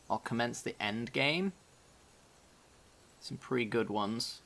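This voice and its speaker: A man's voice: mid-range voice, slow pace, long pauses, a bit bright. A man casually commenting on his own card game as he plays, thinking aloud about each move. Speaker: gaming channel host.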